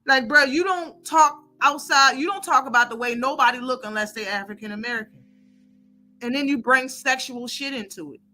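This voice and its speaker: A woman's voice: a little high, pushed and bright. A woman hosting a live stream, giving heated, blunt and profane commentary.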